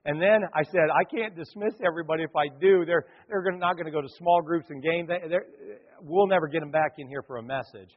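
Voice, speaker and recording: A man preaching a sermon to a congregation, telling a story with lively acted-out crowd voices. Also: a little high, fast talker, hardly any pauses. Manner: animated, acts out crowd voices. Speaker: pastor. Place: church hall. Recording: dull lo-fi hall recording.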